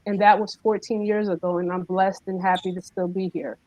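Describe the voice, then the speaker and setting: A woman's voice: mid-range voice, flat delivery, a little fast, a little mellow, no room sound, poor audio. A woman answering an interview question emphatically, posing rhetorical questions as she goes. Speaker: guest entrepreneur.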